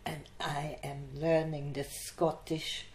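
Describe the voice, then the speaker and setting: An older woman from Austria recalls her past in an unhurried, anecdotal way, breaking into laughter now and then. Her voice sits a little low and she takes her time. The room around her rings with echo. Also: flat delivery, a little mellow. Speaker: interviewee. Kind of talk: oral history storytelling. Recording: echoey room.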